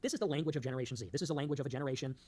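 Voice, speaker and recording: A man's voice: medium pitch, very fast, darkish tone. A man hosting a political show, delivering a rambling, emphatic monologue that loses its thread and cracks jokes along the way. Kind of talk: fast-talking political monologue.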